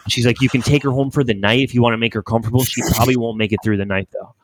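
A man's voice: mid-range voice, fairly even intonation, very fast, noisy background. A young man hosting a podcast, telling an emotional story in a rambling casual way with frequent swearing. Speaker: podcast host. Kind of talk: casual chat.

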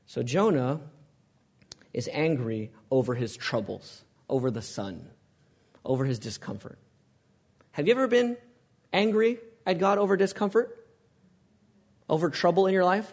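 Pastor, male, slightly high voice, emphatic sermon delivery that quizzes the congregation. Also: a little mellow. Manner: asks the congregation questions, emphatic preaching.

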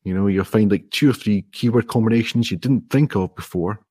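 A man's voice: on the low side, a little fast, a little mellow, breathy edge, dry recording, studio quality. A man, an indie app developer, explaining his approach step by step in a friendly, modest way during a casual interview.

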